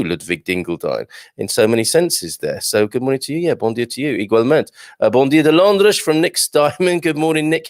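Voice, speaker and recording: A man's voice: mid-range voice, creaky, dry recording, studio quality. A man hosting a casual live stream from home, chatting and reading out viewer greetings in a self-deprecating way. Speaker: livestream host. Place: home with builders working on the roof.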